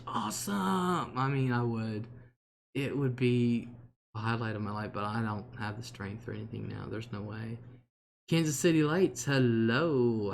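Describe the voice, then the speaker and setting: A man talks to his livestream viewers from home in a loose, rambling way. He laughs often and answers comments as they come in. His voice sits at a middle pitch for a man. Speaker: livestream host. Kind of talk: casual livestream chat. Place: home, at a table.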